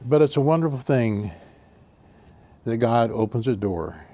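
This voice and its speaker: Folksy older man, mellow voice. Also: medium pitch, lively intonation, a little slow. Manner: folksy, meandering, earnest. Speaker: channel host. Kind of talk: casual storytelling.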